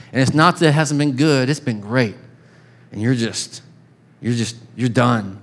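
Animated man preaching a sermon. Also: mid-range voice. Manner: animated, conversational, acts out voices in quotes. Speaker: pastor.

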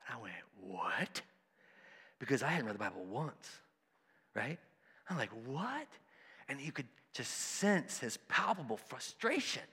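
A man preaching a sermon, conversational and animated, acting out the voices of people in his stories. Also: mid-range voice, moderate pace, slightly rough, big-room sound. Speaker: pastor.

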